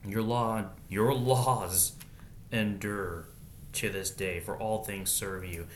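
A man with a fairly low voice reads scripture aloud in a relaxed, casual way. He stops between verses to add quick, slangy asides before going back to the text. A faint low rumble runs behind him. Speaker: Bible reader and commentator. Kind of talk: casual Bible reading with commentary.

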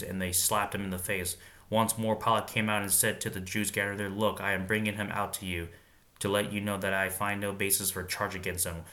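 A man's voice: lowish voice, pushed and bright. A man reading Bible passages aloud and stopping to muse informally on what they mean. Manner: reads scripture aloud, then pauses to muse and wonder aloud. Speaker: Bible reader and commentator.

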